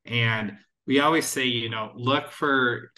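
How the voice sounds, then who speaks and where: A man's voice: mid-range voice, steady tone, slow pace, bright, forceful tone. A man appearing as a podcast guest, explaining small business advice in an upbeat, advisory way. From United States. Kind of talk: casual interview answers.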